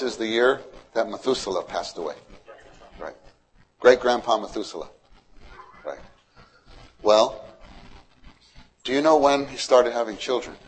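A man's voice: lowish voice, low-quality recording. A man preaching a sermon, quizzing the congregation and retelling stories with animation. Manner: questions to the congregation, animated storytelling.

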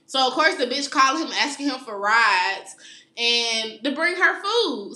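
Animated, profane woman in an echoey room. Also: sits high, a little slow. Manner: animated, profane, laughs often. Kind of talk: candid casual chat, storytelling.

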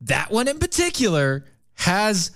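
A teasing, playful man co-hosting a loose comedy chat show, sometimes reading news items aloud. His voice sits fairly high for a man, and his pitch moves around a lot. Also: huge pitch swings, measured pace, vocal fry, fairly bright tone. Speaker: podcast co-host.

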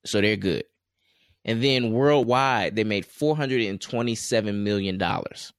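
A man's voice: on the low side, unhurried, clear, resonant tone, no room sound, clean studio sound. A man co-hosting a casual chat show, talking in a loose, rambling way with many fillers and restarts. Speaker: podcast co-host.

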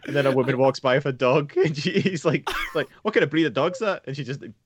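A man's voice: fairly high pitch, fast talker, breathy edge, no echo, clean studio sound. A man chatting casually about films on a podcast, swearing and acting out scenes. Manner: sweary, acts out scenes in silly voices. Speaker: podcast co-host. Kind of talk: casual film chat.

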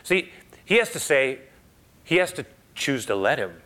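A male pastor preaching a sermon in a conversational, animated storytelling manner, often checking in with "right?". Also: mid-range voice, unhurried.

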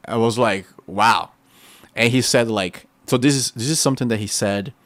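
A man with a Brazilian Portuguese accent, a native Portuguese speaker, giving a testimony sermon in an excitable, animated storytelling way. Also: mid-range voice, normal speed, dry recording. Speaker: preacher.

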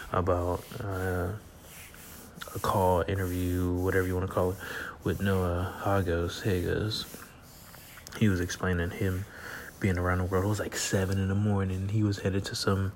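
Man, late-night solo podcast host, low voice, sleepy, loose rambling delivery, faint hiss behind. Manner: rambling, laid-back, laughs often, trails off with fillers. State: sleepy, yawning. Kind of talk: casual solo podcast monologue. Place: at home at night.

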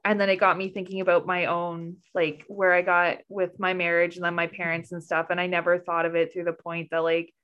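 A woman's voice: fairly low pitch, little pitch movement, brisk, few pauses, clear, resonant tone, lo-fi sound. A woman guesting on a podcast, speaking in an earnest, reflective way, with lots of "like" fillers. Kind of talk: casual conversation.

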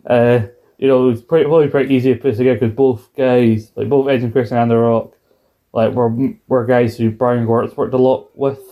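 A man's voice: medium pitch, fairly even intonation, brisk, phone-quality sound. A man co-hosting a casual review chat, joking and acting out quoted lines in silly voices. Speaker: podcast co-host.

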